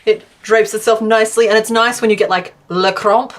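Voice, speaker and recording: A woman's voice: on the high side, fairly even intonation, brisk. Chatty woman streamer thinking aloud. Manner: chatty, laughs often, thinks out loud while counting stitches. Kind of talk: casual livestream chat. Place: at home.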